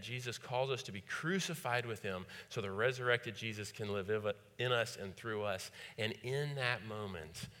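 A man's voice: on the low side, pushed and bright. A man preaching a sermon as pastor, repeating phrases and putting rhetorical questions to the congregation. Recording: long hall reverb.

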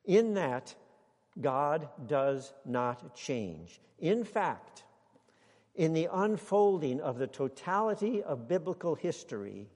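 A man preaching a sermon to a congregation, speaking deliberately and building to emphatic exclamations. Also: fairly high pitch, sing-song, darkish tone, in a large hall. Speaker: pastor.

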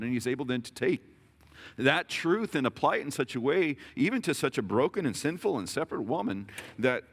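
A man in his thirties preaching a sermon in a conversational, self-deprecating way, with jokes and frequent restarts. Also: on the low side. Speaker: pastor.

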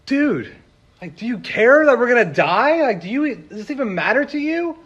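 A man's voice: sing-song, normal speed, a bit bright, slightly rough, dull audio, full character voice. A man voicing panicked male disciples on a storm-tossed boat, pleading frantically in a raised voice. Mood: frantic. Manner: frantic, high-pitched pleading.

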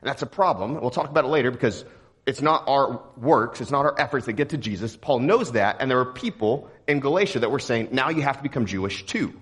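A young man from Texas preaching a sermon in a relaxed, joking, conversational way. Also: mid-range voice, fast, slightly rough. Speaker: pastor.

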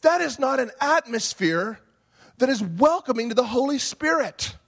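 Animated high-voiced male preacher. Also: normal speed, gravelly. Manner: animated preaching that swings from quiet to shouting. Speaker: pastor. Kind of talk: sermon.

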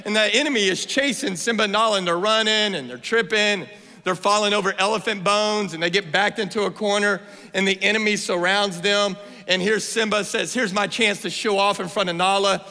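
Male preacher, 30s, bright and forceful, playful build to shouts, big hall echo. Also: high voice. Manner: playful, energetic, rising to shouts. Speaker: guest preacher. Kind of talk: sermon. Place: church sanctuary. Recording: long hall reverb.

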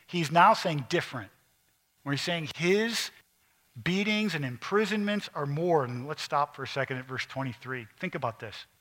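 A middle-aged male pastor preaching a sermon, emphatic at times and dropping to quiet, intense asides. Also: a little high, animated, moderate pace.

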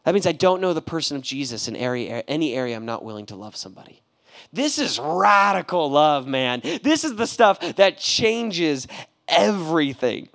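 Lively young male pastor preaching. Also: on the high side, normal speed. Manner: animated, casual slang, acts out voices with laughs. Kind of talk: sermon.

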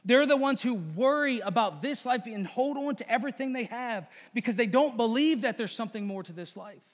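A man with a high voice preaches a sermon in an earnest, emphatic way, leaning on repeated phrases. His voice rings out with the long reverb of a big church hall. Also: expressive, a little fast. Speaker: pastor.

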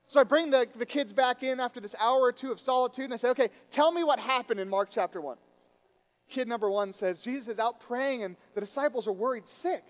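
A man with a notably high voice preaches a sermon. He tells stories with animated quoted voices, then sinks to a quiet, intimate tone when he turns reflective. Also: fast talker. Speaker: pastor.

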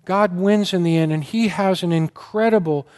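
A man with a fairly high voice preaches a sermon to his congregation. He tells stories earnestly, with deep feeling that sometimes catches in his throat. His delivery rises and sinks as he stresses key words. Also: moderate pace, a little mellow. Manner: earnest, emotional storytelling, gets choked up. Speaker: pastor.

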